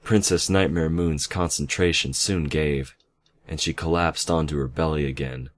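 A man's voice: a bass voice, steady tone, moderate pace. A man reading a fan story aloud, with casual asides and self-corrections. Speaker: reader.

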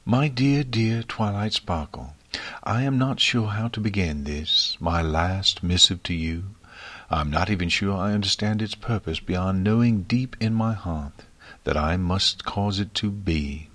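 A man voicing a regal, gentle, ancient female pony princess in a fiction reading, speaking softly and politely. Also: sits low, unhurried, no echo. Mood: tender. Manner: soft, polite and soothing.

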